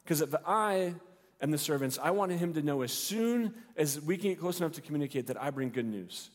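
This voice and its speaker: A man's voice: on the high side, lively intonation, fairly quick. A male pastor preaching a sermon, retelling the story expressively and acting out the characters' lines. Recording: long hall reverb.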